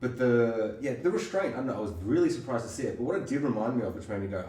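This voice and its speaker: A man co-hosting a podcast, chatting casually and acting out scenes with quick impressions. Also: medium pitch, distant mic. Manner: animated, acts out scenes in quick impressions, swears. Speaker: podcast co-host. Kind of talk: casual chat. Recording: echoey room, off-mic.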